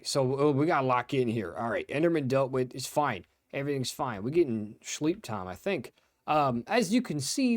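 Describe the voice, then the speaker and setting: A young man from Ohio hosting a gameplay video, rambling casually with excitable bursts. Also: mid-range voice, no echo, clean studio sound. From Ohio, USA. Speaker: let's play host.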